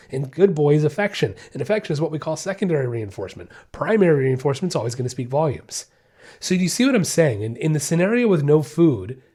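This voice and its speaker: A man with a mellow, darker voice sitting a touch high for a man talks through dog training on his podcast. He is emphatic and repeats his key points, checking in with "you see what I'm saying?" He drops into quick little voices for what the dog is thinking. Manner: acts out the dog's thoughts in quoted asides. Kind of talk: casual explanatory podcast talk.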